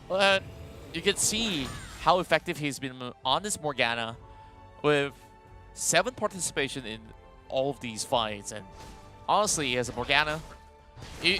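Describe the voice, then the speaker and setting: Live coverage of a mobile esports match comes from a male caster whose voice is mid-range. He keeps up an animated, talkative play-by-play, peppered with fillers.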